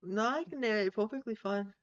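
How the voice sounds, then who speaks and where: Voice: medium pitch, fairly quick. A podcast co-host in casual chat, playful and defensive, with trouble on R sounds, on a slightly dull recording. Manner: playful, defensive, deadpan repeats. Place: recording room in Boston.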